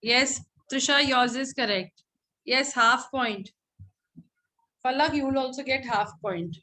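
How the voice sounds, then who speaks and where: A woman's voice: high-pitched, slow, bright, forceful tone, poor audio. Indian woman teaching English online. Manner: encouraging, mixes in Hindi phrases.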